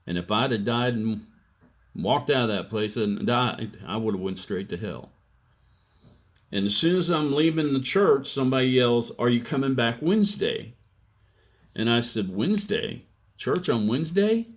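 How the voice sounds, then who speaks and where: A man in his sixties giving a plainspoken personal testimony, telling his story slowly and acting out the quotes. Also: medium pitch, lively intonation. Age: 60s. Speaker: testimony speaker.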